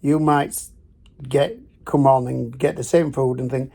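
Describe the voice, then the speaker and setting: A man's voice: on the high side, normal speed, vocal fry, warm tone. An older man with a Northern English accent, chatting casually in his travel vlog from a cruise ship cabin, rambling with plenty of fillers and restarts. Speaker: travel vlogger.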